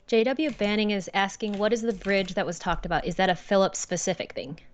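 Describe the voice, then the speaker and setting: A woman co-hosting a live stream who chats casually and asks quick clarifying questions. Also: mid-range voice, highs cut off. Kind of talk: casual chat.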